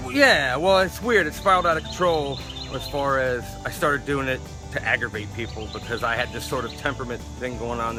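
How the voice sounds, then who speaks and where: A man from Florida who works as an artist, telling stories in an interview and acting out what other people said. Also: medium pitch. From Florida, USA. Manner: animated, acts out other people's lines. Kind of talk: interview storytelling.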